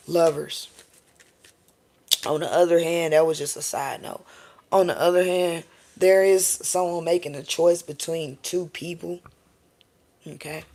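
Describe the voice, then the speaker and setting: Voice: mid-range voice, darkish tone. A tarot reader doing a live-stream reading, talking in a casual, profane and rambling way and often checking in with viewers by asking "okay?" and "all right?".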